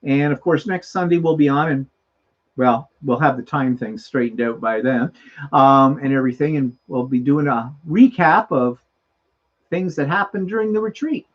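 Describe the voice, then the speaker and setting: A man's voice: mid-range voice, moderate pace, lo-fi sound. A man hosting a casual livestream chat, reading out viewer comments and signing off the show. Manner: chatty, reads viewer comments aloud. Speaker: host.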